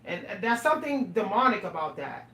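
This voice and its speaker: A woman's voice: mid-range voice, big pitch swings, a little fast, fairly bright tone. A middle-aged woman, talking casually and animatedly to her viewers, laughing and exclaiming often. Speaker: vlogger. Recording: echoey room, voice a bit far from the mic.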